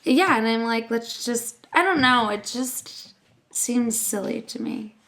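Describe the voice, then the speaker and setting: A young woman, a teacher co-hosting a podcast, telling stories in casual chat with lots of filler words and animated put-on voices. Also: on the high side, measured pace, vocal fry. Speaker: podcast co-host, first-grade teacher.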